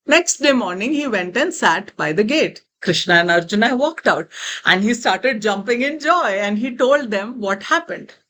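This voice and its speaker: A woman's voice: fairly high pitch, moderate pace. Indian woman telling a spiritual story. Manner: lively retelling with many asides. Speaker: spiritual teacher.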